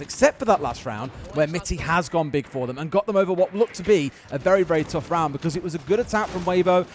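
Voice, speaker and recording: A man casting an esports match, calling the action play by play and getting excited on big plays. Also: on the high side, slight background noise. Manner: fast, excitable, rises to shouts on big plays. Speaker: esports caster. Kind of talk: play-by-play commentary.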